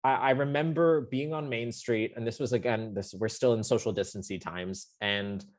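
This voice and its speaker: A man's voice: mid-range voice, moderate pace. A young adult man, a podcast co-host, telling a story in a casual, emotional and rambling way. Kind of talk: casual chat.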